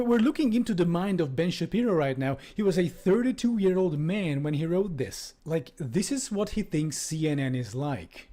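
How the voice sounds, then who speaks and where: A man's voice: on the high side, darkish tone. A man streaming, reading a book aloud and commenting on it in a casual tone, with lots of swearing and laughter.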